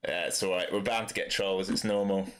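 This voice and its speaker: A London-accented day trader from East London talks fairly quickly, his low voice fairly bright and his intonation fairly even. He streams live, commenting casually and bluntly on his trades and fielding chat.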